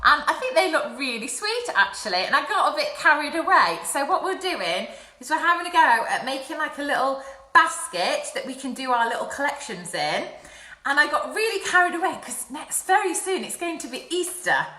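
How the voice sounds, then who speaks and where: A woman's voice: sits high, big pitch swings, normal speed, bright, forceful tone, echoey room, low-quality recording. A young woman presenting a live craft session for children from her home, chatty and apologetic. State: out of breath. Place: home, indoors. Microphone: phone or webcam livestream.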